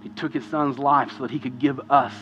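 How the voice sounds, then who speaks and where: A man preaching a sermon as pastor, impassioned and swinging between hushed and loud passages. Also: medium pitch, steady tone, a little fast, highs cut off, faint music behind. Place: church sanctuary. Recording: long hall reverb.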